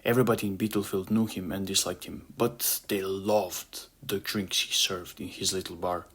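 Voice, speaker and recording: A man narrating his own novel in the first person as an audiobook, in plain storytelling that slows on key lines. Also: low-pitched, fairly even intonation, fairly bright tone, breathy edge.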